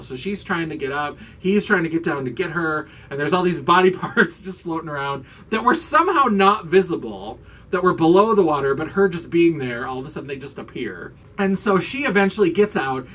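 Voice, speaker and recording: Animated woman recapping a movie. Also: low-pitched, fairly quick, far from the mic. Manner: animated, acts out characters' lines, swears for laughs. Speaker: host.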